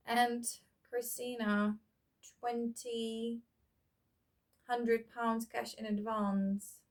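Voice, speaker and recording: A woman's voice: on the high side, extremely slow, long pauses, a little mellow. A woman chatting casually as she sorts through old keepsakes, rambling and thinking aloud with many fillers. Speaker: vlogger. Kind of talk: casual reminiscing while sorting keepsakes.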